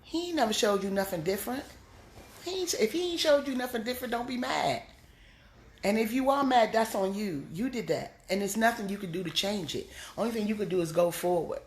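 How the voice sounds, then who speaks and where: A woman's voice: expressive, brisk, a little mellow, roomy sound. Blunt, scolding woman preaching self-help. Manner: blunt, scolding, swoops up high for emphasis. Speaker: comedian giving a motivational talk. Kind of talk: preachy motivational monologue.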